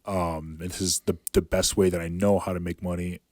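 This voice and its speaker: A man's voice: deep voice, level tone, a little fast, a little mellow, dry recording, studio quality. A man in his thirties, a professional fighter, talking casually as a podcast guest and rambling with lots of filler words. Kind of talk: casual storytelling chat.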